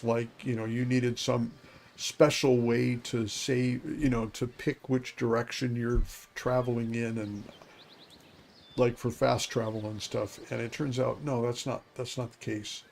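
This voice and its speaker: A man's voice: medium pitch, fairly even intonation, a little slow, darkish tone. A man in his fifties streaming a game and chatting casually, rambling to himself as he plays. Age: 50s. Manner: rambling, talks to himself, chuckles. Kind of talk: casual gameplay commentary.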